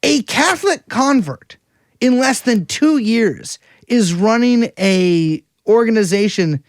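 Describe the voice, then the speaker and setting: A man's voice: high-pitched, lively intonation, slow pace, no echo, clean studio sound. A man co-hosting a casual podcast, rambling and sardonic, wandering through digressions. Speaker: podcast co-host.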